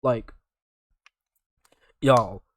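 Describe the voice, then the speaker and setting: A young man from North Carolina hosting casual reaction commentary, rambling and self-correcting with sudden loud outbursts. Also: medium pitch, drawn-out words, no echo. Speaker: YouTube reaction host.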